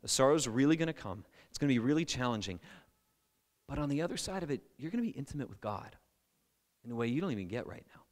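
A male pastor preaching a sermon in a conversational, animated way, with playful asides. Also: mid-range voice, fast, big-room sound.

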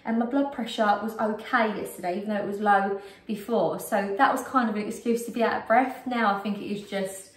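A woman's voice: medium pitch, steady tone, a little fast. A British woman vlogging a casual shopping haul at home, chatty and rambling with frequent ums, a bit out of breath. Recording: roomy echo, distant mic.

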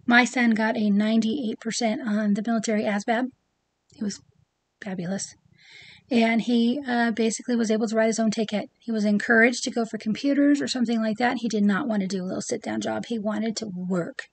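A middle-aged woman talks casually to camera about her collection. Her voice sits a little high, and she fills her talk with ums and friendly asides. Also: steady tone, a little fast. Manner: chatty and warm, many ums and asides. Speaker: pin collecting vlogger.

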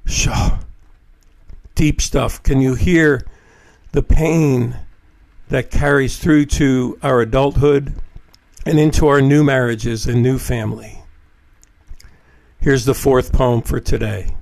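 A man hosting a podcast on addiction recovery, reading poems in a measured, solemn way and reflecting on them. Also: mid-range voice, fairly even intonation, vocal fry, darkish tone. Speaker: podcast host and addiction counselor.

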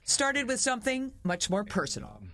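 A woman TV news reporter delivering a measured, composed report. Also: fairly high pitch, huge pitch swings, fairly bright tone.

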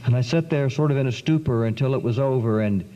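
A man giving an earnest, dramatic spoken testimony to an audience, with long pauses and sudden swings in pitch. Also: warm tone. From South Carolina. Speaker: speaker giving a testimony talk. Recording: dull lo-fi 1990s recording in a long-echo hall.

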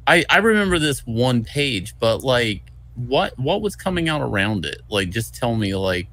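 A man co-hosting a casual comic review stream, speaking hesitantly and haltingly as he tries to remember. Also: mid-range voice, very animated, a bit bright. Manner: hesitant, halting, restarts while recalling. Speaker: co-host. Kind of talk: casual chat on a livestream.

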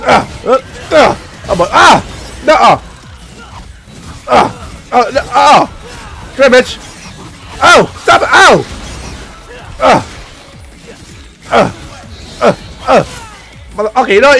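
A young man commentating his gameplay, excitable and profane, blurting sound effects as he plays. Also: very high voice, measured pace, creaky, pauses often, shouting, faint music behind. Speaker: gaming commentator. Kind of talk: let's play commentary.

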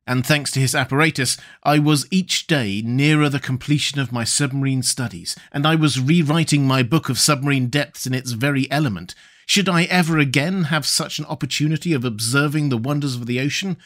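A man narrating a classic adventure novel as an audiobook reader in a measured, steady way. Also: mid-range voice. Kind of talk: scripted narration.

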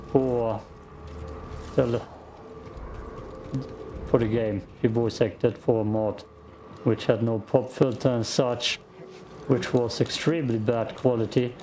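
A man's voice: medium pitch, fairly even intonation, slow, pauses often, warm tone. A man giving laid-back let's play commentary over a game, musing as he plays. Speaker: gaming YouTuber. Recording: faint background noise.

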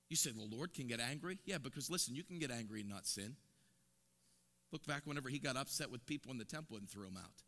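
A man preaching an impassioned sermon as an evangelist, repeating words and building to loud, emphatic peaks. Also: medium pitch, animated, quick pace. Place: church sanctuary. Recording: long church reverb.

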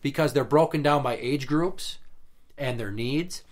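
A man's voice: mid-range voice, unhurried. A man in casual podcast chat, venting about an old job in a blunt, profane way, with heated emphasis. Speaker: podcast guest telling work stories.

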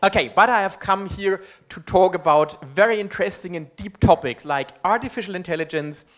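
A man's voice: high voice, brisk, fairly bright tone. German man giving a friendly lecture. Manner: friendly, joking, with frequent um and uh. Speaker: guest lecturer. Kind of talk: public lecture. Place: university hall. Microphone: amplified microphone.

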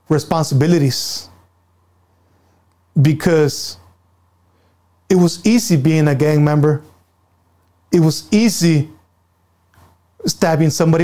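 High-voiced blunt man from San Jose. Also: dark tone. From San Jose, California. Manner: blunt and profane, hammering points with repetition. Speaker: interview guest. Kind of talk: candid personal storytelling.

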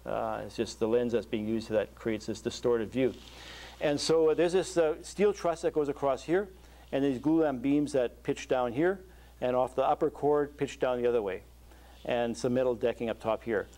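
A man, a structural engineer, giving a university lecture over slides, talking in a halting way with many fillers and restarts. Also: medium pitch, mellow. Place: lecture hall.

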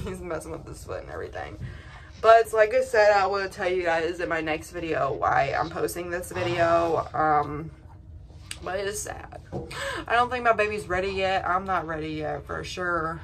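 Rambling young woman vlogging, slightly low. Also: lively intonation, moderate pace, a little hiss or hum. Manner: rambling, emotional, many fillers and restarts. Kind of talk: casual vlog chat.

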